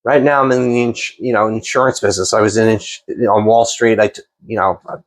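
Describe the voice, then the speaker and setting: A podcast host and chef, this man speaks fairly quickly in a voice on the low side. He runs a casual interview and tells long, animated, rambling stories, restarting again and again.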